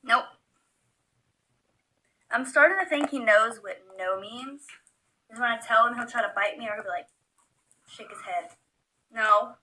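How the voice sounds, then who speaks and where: A woman's voice: a little high, measured pace, long pauses, pushed and bright, rough recording. A young woman chatting casually at home while filming her pet monkey, coaxing it and laughing often. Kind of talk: casual chat. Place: home room.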